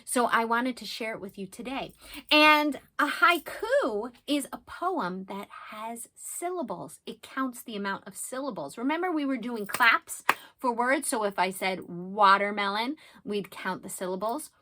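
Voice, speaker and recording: A woman in her thirties reads a children's picture book aloud, taking her time over each line. Her voice sits fairly high and bounces with animated, sing-song emphasis. Now and then she sinks into a hushed aside before lifting back up. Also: unhurried, noisy background. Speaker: children's teacher.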